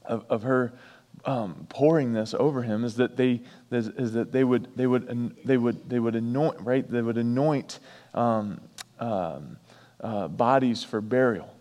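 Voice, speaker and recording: A pastor preaching a sermon, repeating key lines for emphasis and breaking off for chatty asides. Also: male voice, medium pitch, unhurried, dark tone, big-room sound.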